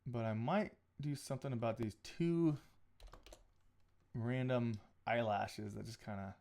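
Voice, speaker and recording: A man's voice: mid-range voice, unhurried, creaky, darkish tone. Rambling man editing photos on a live stream. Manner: rambling, thinking aloud with restarts. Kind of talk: casual live-stream talk while editing. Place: home photo studio.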